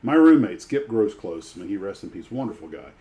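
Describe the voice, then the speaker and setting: A man's voice: fairly low pitch, sing-song, brisk, warm tone. A man, a retired pilot hosting a livestream, telling rambling stories full of restarts. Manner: rambling storyteller with many restarts. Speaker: livestream host. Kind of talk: casual chat.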